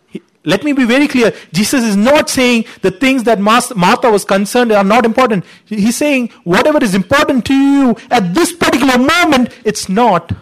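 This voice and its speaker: A man preaching a sermon, teaching earnestly, pushing his voice up for emphasis and often saying "you know". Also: very high voice.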